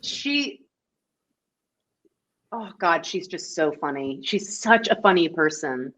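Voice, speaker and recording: A woman's voice: lowish voice, animated, slow pace, fairly bright tone. A woman guesting on a livestream, chatty and laughing as she rambles through a story. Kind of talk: casual livestream chat.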